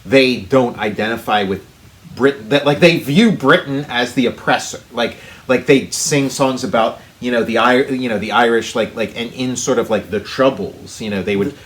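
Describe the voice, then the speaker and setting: A man's voice: medium pitch, normal speed, fairly bright tone. A man co-hosting a casual podcast, rambling through long explanations full of "like" and "you know". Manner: rambling, many fillers and restarts. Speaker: podcast co-host. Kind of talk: casual chat.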